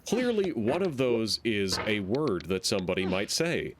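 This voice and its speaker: A man's voice: fairly low pitch, very animated, normal speed, noisy background. Rambling, playful male game streamer. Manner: rambling, playful, makes silly sound effects. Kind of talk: casual gameplay commentary.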